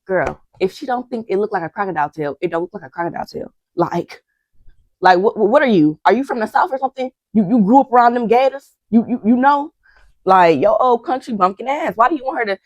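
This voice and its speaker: Her voice mid-range and darkish, with lively intonation and a slightly fast pace, a young recap vlogger gossips through a reality-TV episode. She talks straight to viewers as y'all and acts out what people said, with no room sound.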